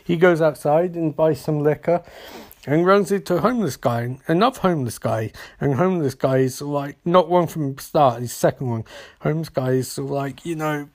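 A man's voice: a little high, brisk. A man hosting a podcast, recapping in a casual comedic way, rambling with stammered restarts and swearing. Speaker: podcast host.

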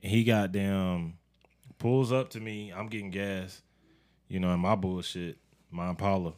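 A young man spins a casual podcast story, his voice swinging up high when he acts out what others said. He laughs often and keeps an easy, loose delivery throughout. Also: fairly even intonation, measured pace, darkish tone.

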